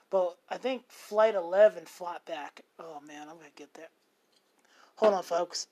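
A man's voice: high voice, normal speed, a little mellow. Rambling, profane man telling a story. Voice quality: rambling, with many self-corrections and fillers. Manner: swears freely. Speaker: show host. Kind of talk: unscripted casual monologue.

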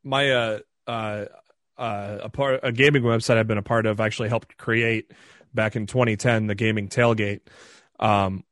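A man's voice: fairly low pitch, fairly bright tone, no echo, studio quality. A man co-hosting a casual podcast, rambling with many fillers in an easygoing way. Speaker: podcast co-host.

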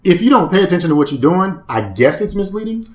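A man's voice: high-pitched, sing-song, quick pace, a little mellow, roomy sound. A man co-hosting a casual chat, explaining things in a patient, matter-of-fact way. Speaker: podcast co-host.

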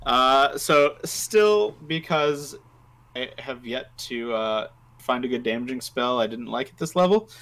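A man co-hosting a casual tabletop game podcast, relaxed and joking, with many fillers. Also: medium pitch, measured pace. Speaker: podcast co-host. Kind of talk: casual chat about tabletop game spells.

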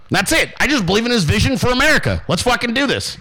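A man's voice: extremely high pitch, sing-song, quick pace, few pauses, bright, forceful tone, poor audio. A man hosting his own show, ranting in a brash, profane way and acting out the voices of people he quotes. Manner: brash, swearing constantly, acts out quoted voices. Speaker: podcast host. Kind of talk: profane motivational rant.

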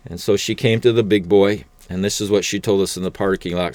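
A man telling a personal faith testimony in an unhurried, conversational way, with the odd "uh". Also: deep voice, fairly even intonation, a little mellow, no echo. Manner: unhurried, conversational storytelling with fillers.

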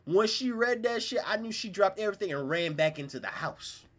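A young man with a Southern US accent, host of a podcast, telling a story in casual, animated, slang-heavy chat. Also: high voice, fairly quick. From South Carolina, US.

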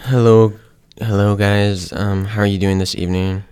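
A man's voice: on the low side, level tone, moderate pace, a little mellow, smooth, natural voice. A young man playing an awkward tech-CEO waiter in an improv podcast sketch, hesitant and full of fillers. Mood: polite.

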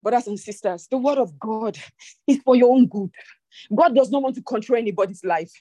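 A woman preacher delivering an impassioned sermon, repeating lines for emphasis and dropping into low, slow prayer. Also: mellow, no room sound. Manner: speaks in tongues during prayer.

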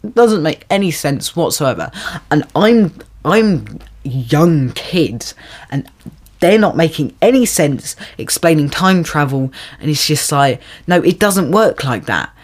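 A young adult hosting a solo podcast, ranting in exasperation with many restarts and sudden high-pitched jumps when mocking. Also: big pitch swings, takes it slowly. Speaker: podcast host. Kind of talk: solo film-review rant.

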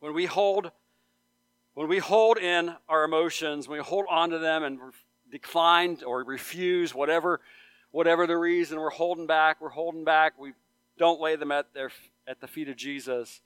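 A male pastor preaching a sermon in church, earnest, repeating phrases for emphasis and rising to loud appeals. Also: fairly high pitch, fairly even intonation, normal speed, smooth, dry recording. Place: church sanctuary.

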